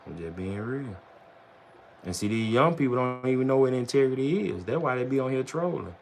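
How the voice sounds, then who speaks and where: A man's voice: medium pitch, lively intonation, a little fast, gravelly. A man chatting casually on his livestream in loose slang, rambling and often tossing in "bro" and "you know what I'm saying". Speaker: vlogger on a livestream.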